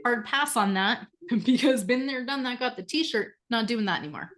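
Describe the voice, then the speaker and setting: A woman's voice: fairly high pitch, normal speed, a bit bright. A woman speaking as an interview guest in a candid, casual conversation, frank and often laughing, with the odd swear word.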